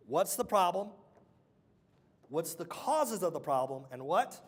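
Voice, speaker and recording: A man's voice: on the high side, big pitch swings, moderate pace. A young man giving a motivational workshop talk, often firing questions at the audience and waiting for answers. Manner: quizzes the audience with call-and-response questions. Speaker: workshop speaker.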